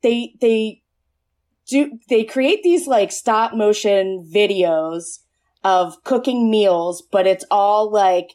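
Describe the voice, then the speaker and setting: A woman's voice: medium pitch, slow pace, a little mellow. A woman co-hosting a casual podcast, rambling with many fillers. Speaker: podcast co-host. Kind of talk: casual chat.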